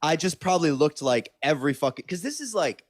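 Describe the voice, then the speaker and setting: Young male podcast co-host, higher-pitched, rambling storyteller, dry close sound. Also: big pitch swings, quick pace, no echo. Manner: rambling storyteller, swears freely. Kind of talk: casual comedy podcast chat.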